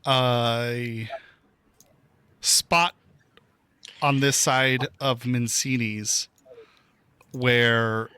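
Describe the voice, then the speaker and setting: A man running a tabletop game as game master, describing the scene slowly with many pauses and fillers. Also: medium pitch, sharp tone, clear, resonant tone, no room sound.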